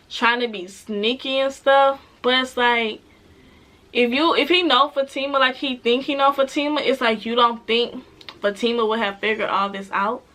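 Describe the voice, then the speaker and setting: Bright-voiced chatty woman recapping a show. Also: a little high. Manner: chatty and animated, with laughs and acted-out quotes. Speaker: TV show reviewer. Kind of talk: casual recap vlog.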